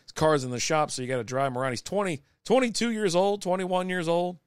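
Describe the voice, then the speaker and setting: A man's voice: high-pitched, fast talker, clean tone, dry recording, studio quality. A man, chatting casually and rambling with many restarts as a podcast host. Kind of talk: casual live-stream chat. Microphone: desk microphone.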